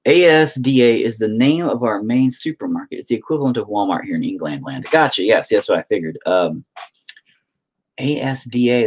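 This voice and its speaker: Husky, joking guy painting. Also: on the low side. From United States. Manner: rambling, crude, joking, self-mocking. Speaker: painting livestream host. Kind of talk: casual chat while painting, reading chat aloud.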